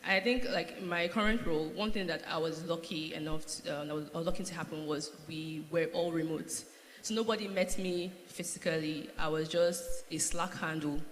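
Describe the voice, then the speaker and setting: A woman's voice: sits low, a little fast. Nigerian-born woman on a panel, chatty and candid, big echoey hall, faint hiss. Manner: candid, animated storytelling with laughs. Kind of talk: conference panel talk. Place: large conference hall.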